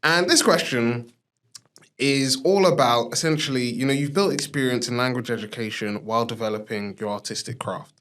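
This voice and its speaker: A man's voice: medium pitch, normal speed, a bit bright. A man hosting a podcast in a casual interview, chatty and loose, with many filler words and encouraging murmurs. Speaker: podcast host.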